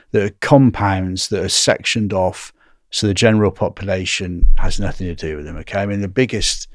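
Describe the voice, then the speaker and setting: A middle-aged Englishman, a guest in a casual interview, has a low-pitched voice captured in a dry, studio-quality recording. He tells stories with animation, recounting dialogue and often tagging his lines with "right?"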